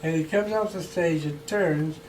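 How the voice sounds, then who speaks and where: A man telling funny stories about an old friend in a relaxed chat, chuckling and acting out the quotes. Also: fairly high pitch, unhurried. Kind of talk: casual anecdotal storytelling. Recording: distant mic with faint background noise.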